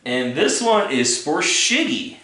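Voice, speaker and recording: A man hosting a casual question-and-answer chat, telling a personal story in a relaxed way and laughing often. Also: a little high, slow, reverberant, crowd noise. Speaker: show host reading viewer questions.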